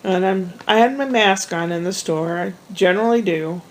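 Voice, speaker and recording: A woman's voice: medium pitch, normal speed, rough recording. A woman vlogger telling a long, rambling everyday story in a chatty way, with frequent restarts and asides. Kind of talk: casual storytelling monologue.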